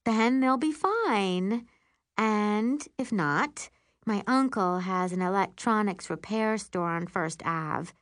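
A woman reading an audiobook, voicing a calm classmate who reassures her friends slowly and gently. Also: mid-range voice, no echo, studio quality, voice pushed up. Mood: reassuring. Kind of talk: audiobook character voice.

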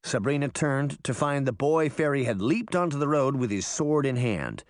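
A man narrating a children's storybook in an expressive reading voice. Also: medium pitch, normal speed, no echo, clean studio sound. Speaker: audiobook narrator.

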